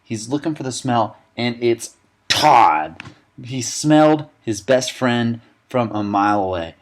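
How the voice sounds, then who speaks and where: A young man with a medium-pitched voice recaps a film in a sarcastic, deadpan comedic style, tossing in quick asides and bits of the characters' lines.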